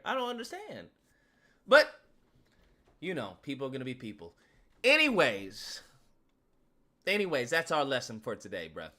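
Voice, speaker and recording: A man's voice: medium pitch, huge pitch swings, normal speed, long pauses, bright, forceful tone. A man giving casual comedic commentary, slangy and joking, firing off rhetorical questions. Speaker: YouTube commentator.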